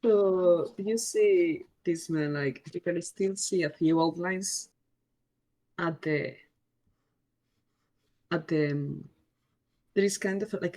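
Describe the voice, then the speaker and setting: Woman game master, very slow pace, hesitant, giggly, narrating a tabletop game. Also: lowish voice, dark tone. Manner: hesitant, searching for words, giggly.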